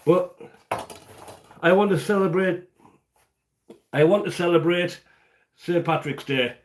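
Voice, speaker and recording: A man's voice: high-pitched, takes it slowly, pauses often. A man from the UK hosting a casual live cooking stream from his home kitchen, chatty and jokey, rambling as he greets viewers by name. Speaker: cooking show host.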